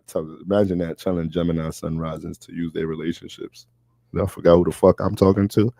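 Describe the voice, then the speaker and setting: A man giving a casual astrology reading, talking in a loose, profane and animated way. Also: deep voice, gravelly, no room sound.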